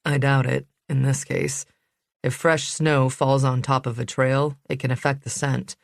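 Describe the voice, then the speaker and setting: A woman reading the lines of a patient male dog handler in an audiobook, explaining calmly. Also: medium pitch, unhurried, vocal fry, dry recording, studio quality.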